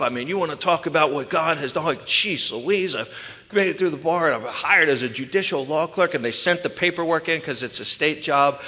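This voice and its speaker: A middle-aged man giving a personal recovery talk at a retreat, telling his story in an animated way with quick asides. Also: mid-range voice. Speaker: recovery speaker. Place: large hall at a retreat. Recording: dull sound with long hall reverb.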